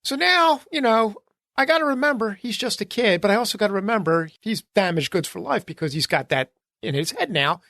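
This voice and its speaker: Podcast co-host, male, high voice, worked-up storyteller, swears a lot. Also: a little fast, vocal fry, no room sound, clean studio sound. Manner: animated ranting storyteller, swears freely. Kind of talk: casual chat.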